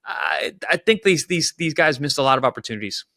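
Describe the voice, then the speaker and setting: A former boxer talking fights in a relaxed podcast chat. His voice is bright and forward, and it leaps up in pitch when he gets worked up. The sound is dry and close to the mic. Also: fast, no echo. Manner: animated, voice jumps up when excited. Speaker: boxing analyst, former pro boxer.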